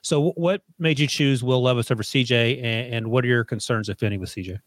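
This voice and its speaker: Brisk man hosting a sports podcast. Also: mid-range voice, no echo. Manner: brisk, moves the segment along. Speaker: podcast host running a mock draft. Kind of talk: casual sports talk.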